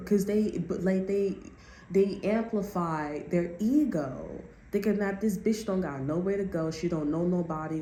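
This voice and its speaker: A woman's voice: lowish voice, mellow, roomy sound, a little hiss or hum. A woman giving a casual tarot reading, blunt and profane, often slipping into other people's voices. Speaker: tarot card reader.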